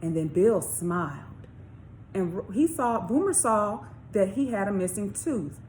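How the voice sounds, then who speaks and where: A woman author reading her children's story aloud, expressive, with questions to young listeners. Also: mid-range voice, a little slow, a little hiss or hum. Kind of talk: storybook read-along for children.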